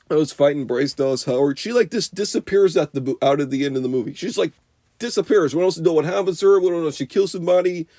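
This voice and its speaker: A man's voice: fairly high pitch, mellow, no room sound. A young man giving an unscripted, profane movie review rant, rambling with constant "you know" and "like".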